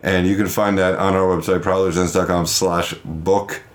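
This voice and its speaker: A man's voice: sits low, normal speed. A man hosting a podcast, chatting casually and plugging the show's website in an offhand way. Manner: plugs the website in a relaxed, offhand way. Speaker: podcast host. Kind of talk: casual chat.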